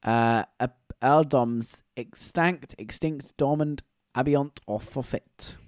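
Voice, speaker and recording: A man's voice: medium pitch, slow, dry recording, studio quality. A man, streaming live and chatting in a rambling, joking way. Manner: rambling, joking, animated storytelling. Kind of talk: casual live-stream chat.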